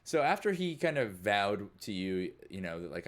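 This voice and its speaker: A man's voice: sits low, animated, normal speed. A young man narrating as game master, rambling with lots of fillers. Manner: rambling, many fillers like "like" and "you know".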